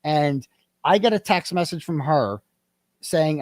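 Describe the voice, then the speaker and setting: Guest: animated male storyteller with a slightly high, lively voice who acts out quoted dialogue, recorded dry and close. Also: takes it slowly, no room sound. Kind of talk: casual interview storytelling.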